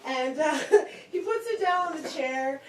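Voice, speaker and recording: A woman's voice: sits high, lively intonation, measured pace, a little hiss or hum. A young woman telling a story on stage, chatty and laughing as she goes. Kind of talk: live storytelling. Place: small bar performance room. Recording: echoey room, distant mic.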